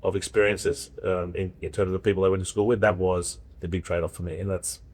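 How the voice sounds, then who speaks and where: A man's voice: sits low, flat delivery, fast, darkish tone, slightly rough. A middle-aged Australian man telling stories in a casual podcast chat, often restarting his phrases. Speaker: guest.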